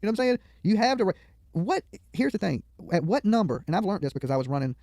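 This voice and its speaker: A man's voice: high voice, very animated, fast, darkish tone, no room sound. A man giving profane, mocking live commentary on a video from a studio, heckling the people on screen and rambling into stories.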